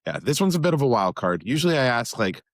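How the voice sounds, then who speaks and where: A man's voice: mid-range voice, very animated, fast, no echo, studio quality. A man hosting a podcast interview, chatting in a friendly, easygoing way. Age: adult with children. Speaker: podcast host. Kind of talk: casual interview talk.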